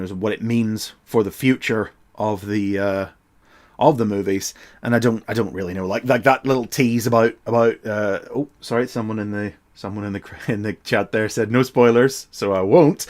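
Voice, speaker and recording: A man with a Northern Irish accent hosting a casual livestream, talking hesitantly with many fillers and restarts. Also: lowish voice. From Northern Ireland. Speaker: livestream host.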